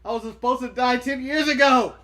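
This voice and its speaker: A man's voice: extremely high pitch, a little fast, pushed and bright. A man doing an impression of a weary, frail old male boss who groans about still being alive.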